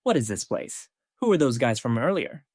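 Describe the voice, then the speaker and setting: A man's voice: medium pitch, sing-song, moderate pace, darkish tone, no echo, studio quality. A man voicing a cold young fighter with lost memories. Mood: puzzled.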